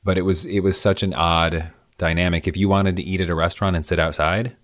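A man tells stories in relaxed, easy conversation, clearly enjoying himself. His voice sits very low. The sound is close and dry, with no room echo. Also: a little fast. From American Midwest. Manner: chatty, enthusiastic storytelling. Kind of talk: casual chat.

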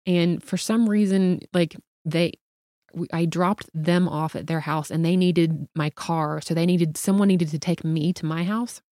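A middle-aged woman with a low-pitched voice tells a personal story as a podcast guest. She talks in an animated, chatty way, full of "like" fillers. The sound is dry and close, with no room around it. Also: measured pace, no echo. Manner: animated, talkative, frequent "like" fillers.

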